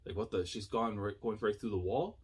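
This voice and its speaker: A man giving casual, excitable reaction commentary as a YouTuber, thinking aloud with slang and frequent laughs. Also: on the low side, brisk, slightly rough.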